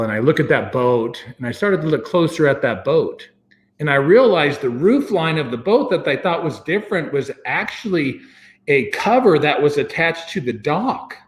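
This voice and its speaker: An American man casually telling a long story, acting out his own thoughts in a rambling, animated way. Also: moderate pace. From United States. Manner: animated, acts out his own past thoughts with sudden jumps in pitch; rambling, with many fillers and restarts.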